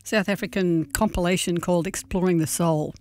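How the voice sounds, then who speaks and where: A woman's voice: on the low side, fairly even intonation, brisk. Chatty woman on community radio. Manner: chatty and warm, rambling a little. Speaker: radio co-host. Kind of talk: casual radio chat and gig guide. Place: radio studio.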